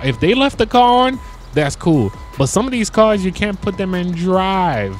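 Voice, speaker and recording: A young man telling stories in a casual, slangy way while commenting on his gameplay, getting excited as he talks. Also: sits high, unhurried, faint music behind. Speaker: gaming YouTuber.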